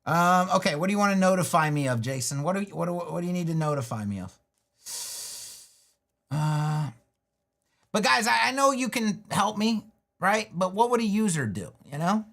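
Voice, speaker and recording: A man's voice: high-pitched, sing-song, moderate pace, pauses often, a bit bright. A man hosting a live web design stream, thinking aloud as he works, loose and talkative with frequent restarts and little jokes to himself. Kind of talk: thinking aloud while building a website live.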